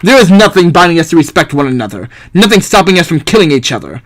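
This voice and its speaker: A man voicing a haughty male English philosopher in a game, speaking low, slow and pompous. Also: very animated, a bit bright. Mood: scornful.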